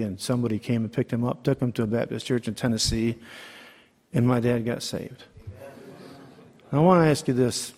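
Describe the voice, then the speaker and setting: A man's voice: mid-range voice, normal speed, long pauses, darkish tone. A middle-aged man preaching a sermon, emphatic, calling for amens and asking the congregation rhetorical questions. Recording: long hall reverb.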